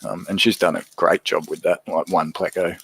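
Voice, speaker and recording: A man's voice: low voice, fairly even intonation, normal speed, gravelly, a bit bright, slight background noise, poor audio. A man with an Australian accent hosting a casual livestream, chatting easily and answering viewer comments as he goes. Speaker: livestream host.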